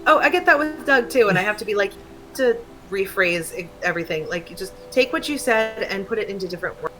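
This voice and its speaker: A woman's voice: mid-range voice, lively intonation, fast talker, pushed and bright, poor audio. A woman talking candidly in a casual chat, rambling and laughing often. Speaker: stream co-host.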